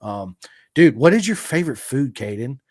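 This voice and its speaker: A man hosting a podcast in relaxed, drawn-out casual chat full of fillers. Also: mid-range voice, no echo, clean studio sound. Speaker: podcast host.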